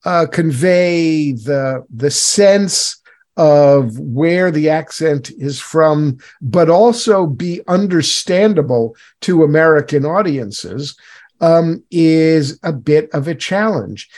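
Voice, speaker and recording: A man's voice: on the high side, slow pace, a little mellow. A man hosting an interview in a casual, rambling way, full of fillers and restarts. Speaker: radio interview host.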